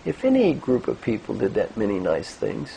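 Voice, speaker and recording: Gravelly, animated older male speaker. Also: lowish voice, moderate pace, slight background noise, poor audio. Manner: animated storytelling, gentle coaching. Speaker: executive coach. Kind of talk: motivational talk with guided exercise.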